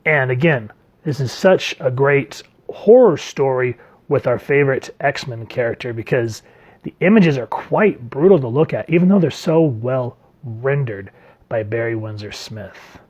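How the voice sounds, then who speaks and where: A man gives a casual spoken review of a comic book. He is chatty and enthusiastic and leans on filler words as he goes. His voice sits at an ordinary middle pitch for a man. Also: animated, unhurried, darkish tone, breathy edge.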